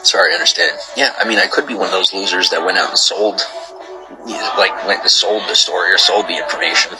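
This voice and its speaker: The host of this livestream has a low voice and a quick pace, with music playing behind him and rough audio quality. He casually greets viewers and goes through their comments, getting heated and rambling as he repeats himself.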